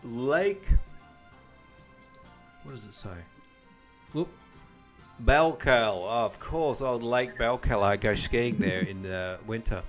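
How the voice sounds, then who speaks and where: A man's voice: mid-range voice, slow, pauses often, faint music behind. A man hosting a casual podcast quiz game, reading clues aloud and joking with the players between them. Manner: joking, reads clues then banters. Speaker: quiz host.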